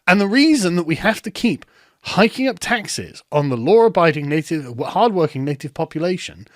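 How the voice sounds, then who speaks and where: A man's voice: high voice, big pitch swings, normal speed, dry recording, clean studio sound. A man hosting reaction commentary, ranting with sarcastic, profane mockery. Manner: sarcastic, profane, mocking, breaks into laughter. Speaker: commentary host.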